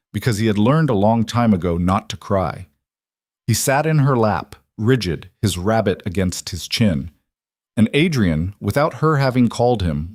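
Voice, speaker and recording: A man narrating a scripted story in a measured, even delivery. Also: fairly low pitch, no room sound, studio quality.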